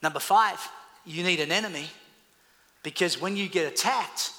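A man preaching a lively sermon, telling stories and swinging from shouts to quiet lines. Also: sits high, normal speed. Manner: storytelling, swings from loud to quiet. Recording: echoey hall.

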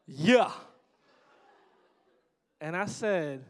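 In a long, reverberant church sanctuary, a middle-aged pastor preaches slowly with long pauses, his voice on the high side. He talks to the congregation conversationally and slips in joking asides.

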